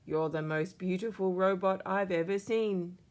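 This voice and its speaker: An Australian woman voicing a stiff, obedient robot dad with a slow, flat robotic delivery. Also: fairly low pitch, natural voice.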